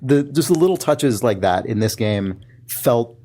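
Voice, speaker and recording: A young adult man co-hosting a podcast, chatting casually and acting out little bits of dialogue with animated energy. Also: mid-range voice. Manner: animated, acts out characters' lines in quick impressions. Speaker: podcast co-host. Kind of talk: casual chat.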